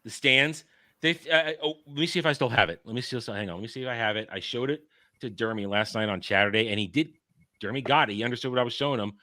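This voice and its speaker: A man hosting a casual commentary podcast, talking in an animated, sarcastic way and mocking what others say. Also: mid-range voice, fast talker. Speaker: podcast host.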